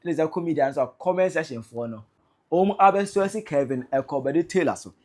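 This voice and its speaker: Ghanaian woman, online commentator, excitable and mocking, very expressive delivery. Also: low-pitched, moderate pace. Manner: excitable, teasing, reads out viewer comments. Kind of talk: animated commentary vlog.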